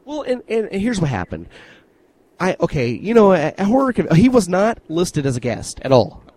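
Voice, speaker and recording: A man co-hosting a podcast, telling stories in an animated, casual way and swearing freely. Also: high voice, normal speed, low-quality recording. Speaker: podcast co-host. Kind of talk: casual chat.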